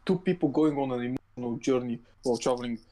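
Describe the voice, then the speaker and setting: A man co-hosting a casual podcast, his voice sitting at an ordinary middle pitch. He rambles through his points with plenty of swearing, fillers and false starts. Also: fast, dark tone, low-quality recording. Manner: rambling, profane, lots of fillers and restarts. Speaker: podcast co-host. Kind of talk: casual chat.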